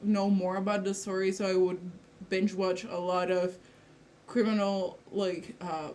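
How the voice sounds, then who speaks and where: A woman's voice: mid-range voice, flat delivery, unhurried, a little mellow, slight background noise. Chatty woman co-host. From Italy. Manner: chatty, with frequent fillers and self-corrections. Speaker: podcast co-host. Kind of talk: casual chat.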